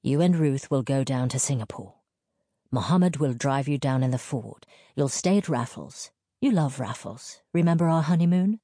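A woman's voice: a bass voice, expressive, normal speed, mellow, no room sound. A woman voicing a man in his late thirties, a mining engineer who talks in a dry, clipped, dismissive way. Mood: firm.

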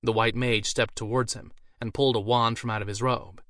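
A man reading a fantasy story aloud with an even, storytelling delivery. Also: medium pitch, a little fast, hardly any pauses, no room sound, clean studio sound. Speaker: narrator. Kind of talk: audiobook narration.

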